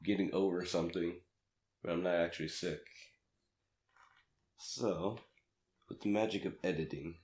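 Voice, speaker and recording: A man slightly raspy from a cold, rambling through a casual podcast chat as co-host and laughing at his own jokes. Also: low-pitched, fairly even intonation, moderate pace, pauses often, a little mellow, a little hiss or hum. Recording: echoey room.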